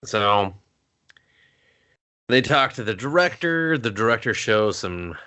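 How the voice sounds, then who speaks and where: Man, podcast co-host, bright tone, lively pitch, jokey riffing. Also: slow. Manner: joking, laughs often, jumps into bits. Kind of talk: casual movie review chat.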